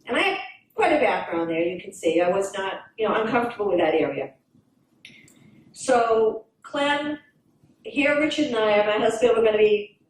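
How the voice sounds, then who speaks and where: A woman's voice: mid-range voice, slight background noise. A woman in her seventies giving an earnest personal talk at a fundraiser, telling stories and reading her own writing aloud. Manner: earnest, storytelling, pauses and restarts. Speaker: guest speaker. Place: banquet hall at a fundraising event. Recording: echoey hall, mic from far off.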